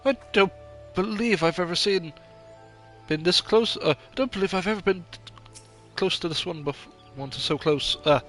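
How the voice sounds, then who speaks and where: A man's voice: high-pitched, moderate pace, fairly bright tone, faint music behind. Sleepy man gaming. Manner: tired, mumbling, trailing off mid-sentence. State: sleepy, yawning. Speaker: gamer streamer. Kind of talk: casual let's-play commentary.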